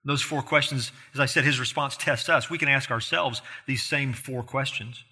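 His voice is mid-range and breathy-edged, bright and forceful, delivered at a normal speed. He preaches an expository sermon with earnest emphasis, building intensity at the key points and frequently asking his listeners rhetorical questions.

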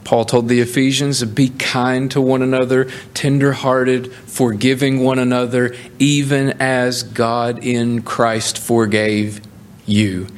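A male pastor delivers a sermon in an ordinary, medium-pitched voice. He builds his points with emphatic rises, pushing his voice upward on the questions, then drops lower to read and explain the scripture. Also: slow pace. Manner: animated preaching with rising emphatic peaks.

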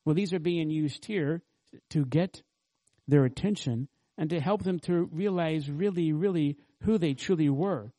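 A man's voice: on the high side, unhurried, dark tone. A man pastor preaching an expository sermon, earnestly teaching and asking the congregation rhetorical questions.

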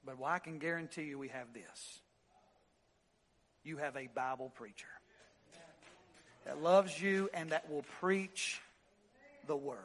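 A man preaching a sermon from the pulpit, repeating phrases and swinging from loud, impassioned peaks to low, quiet asides. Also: slow pace, pauses often. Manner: repeats phrases for emphasis, "listen" and "y'all". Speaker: pastor. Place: church sanctuary.

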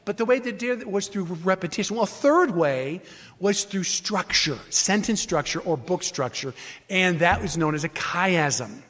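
A man with a notably high-pitched voice delivers a teaching sermon to his congregation. He explains Scripture point by point, leaning hard on key phrases and often restarting his sentences as he works through an idea. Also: animated, normal speed, a bit bright. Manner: emphatic, explanatory, with frequent restarts and fillers. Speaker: pastor.

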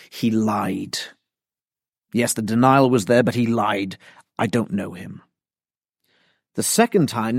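A man preaching an expository sermon, deliberate and emphatic. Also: medium pitch, darkish tone, no room sound, clean studio sound.

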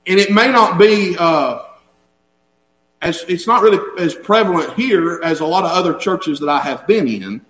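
A man delivers a sermon in an easy, conversational way. His voice sits fairly high, and he tends to chuckle and repeat himself as he talks. The sound is roomy, carrying the echo of a church sanctuary. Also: expressive, normal speed, a bit bright. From Southern United States. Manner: folksy, chuckles while talking, repeats words. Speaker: preacher.

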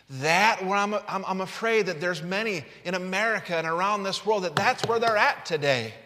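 High-voiced preacher in a reverberant hall. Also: male voice, normal speed. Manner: animated, acts out the characters. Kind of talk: sermon with scripture reading. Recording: long reverb in a large room.

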